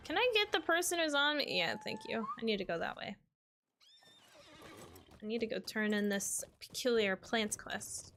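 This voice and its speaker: Bright-voiced woman streamer chatting while gaming. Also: fairly high pitch, very animated, moderate pace, faint music behind. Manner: chatty, exclaims and uses minced oaths. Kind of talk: casual gameplay commentary.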